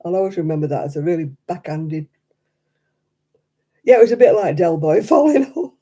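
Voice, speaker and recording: This older woman's low-pitched, dark-toned voice runs fairly quick as she hosts a crafting livestream. She chats casually, telling anecdotes and laughing often.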